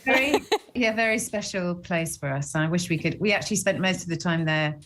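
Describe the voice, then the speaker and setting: A woman's voice: on the low side, brisk, fairly bright tone. A British woman in her forties, a guest actress chatting in a TV interview, self-deprecating and rambling, laughing often. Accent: British English. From Britain. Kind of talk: TV interview chat.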